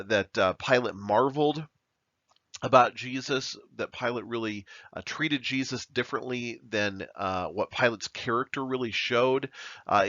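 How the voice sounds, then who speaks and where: A man's voice: mid-range voice, fairly bright tone, no echo, dull audio. A man teaching verse by verse through the Bible as a pastor, talking plainly with frequent fillers and restarts.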